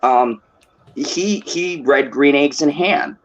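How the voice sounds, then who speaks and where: A man's voice: a little high, slow. A man hosting a live stream, chatting casually in an opinionated, rambling way. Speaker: stream host. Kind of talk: casual chat. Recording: dull lo-fi mic.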